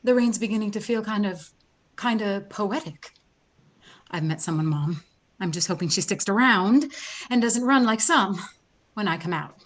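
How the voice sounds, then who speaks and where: A woman's voice: medium pitch, animated, normal speed, long pauses, natural voice. A woman reading the role of a shy but talkative young American woman who rambles and fights tears, over a video call. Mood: confiding. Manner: chatty, rambling, tearful.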